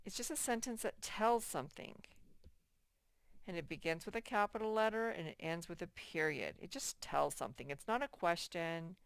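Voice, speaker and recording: A woman teaching a first-grade workbook lesson in a slow, patient way, repeating key points and reading example sentences aloud very slowly. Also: on the low side, expressive, creaky, clean tone, no room sound, studio quality. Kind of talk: recorded workbook lesson for children.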